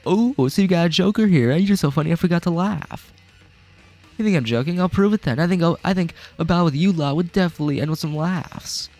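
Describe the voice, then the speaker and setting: A man's voice: on the high side, fast, darkish tone, soft background music, pitched above the performer's own voice, close to an everyday voice. A man voicing a cocky young male gang grunt in a put-on British accent, brash and mocking. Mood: taunting.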